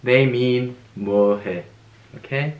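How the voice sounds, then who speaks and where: A man's voice: mid-range voice, narrow, tinny audio, slight background noise. Upbeat man teaching in an echoey room. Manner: upbeat and playful, laughs often, repeats phrases slowly. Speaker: Korean language teacher. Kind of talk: casual video lesson.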